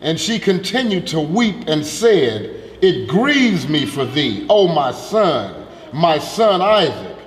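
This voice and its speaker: A man's voice: fairly high pitch, very animated, slow, roomy sound, in a large hall, a little hiss or hum. A man reading scripture aloud steadily. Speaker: scripture reader.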